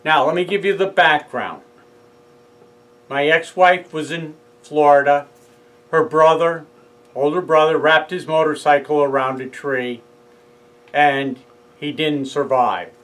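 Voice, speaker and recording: A man's voice: a little high, steady tone, a little slow, pauses often, fairly bright tone, low-quality recording. A man telling his own story in a casual monologue, rambling with asides and self-corrections. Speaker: father speaking out about his own court case.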